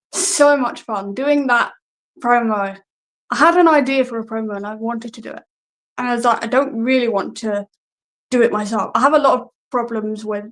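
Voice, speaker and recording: A wrestler, talking in a casual, hesitant way and often laughing at herself. Her voice sits a little high for a woman. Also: a bit bright, low-quality recording. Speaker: guest wrestler. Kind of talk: casual interview answers.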